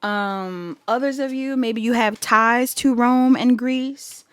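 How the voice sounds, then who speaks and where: A woman's voice: fairly high pitch, steady tone, slow, clean tone, no room sound. A woman giving a casual pick-a-card tarot reading to her viewers, chatty, laughing easily and thinking aloud as she goes. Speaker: tarot reader.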